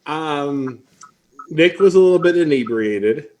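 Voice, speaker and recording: A man hosting a live online event, chatting casually and telling a story with lively asides. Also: on the high side, slow pace. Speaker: host. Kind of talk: casual live-stream chat.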